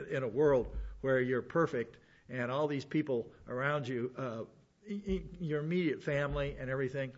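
A man's voice: mid-range voice, lo-fi sound. A man preaching a sermon in a conversational way, with chuckling asides and frequent fillers. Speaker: pastor.

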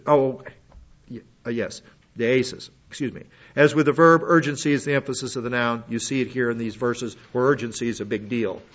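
A man's voice: medium pitch, fairly bright tone, highs cut off. A man teaching a Bible lesson in sermon style, working through word studies with frequent restarts. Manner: methodical, works through Greek word lists with restarts.

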